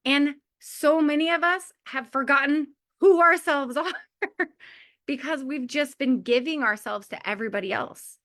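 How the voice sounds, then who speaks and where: With a high voice and a sharp tone, a woman in her forties speaks at a measured pace while giving a heartfelt motivational talk to fellow mothers. The delivery is chatty, peppered with "like," and punctuated by frequent laughs.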